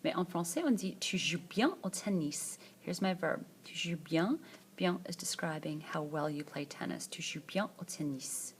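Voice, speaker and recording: Woman, French teacher, screencast lesson, lowish voice, says words twice, patient pacing. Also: slight background noise. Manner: slow, repeats words twice for the learner. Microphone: tablet screencast.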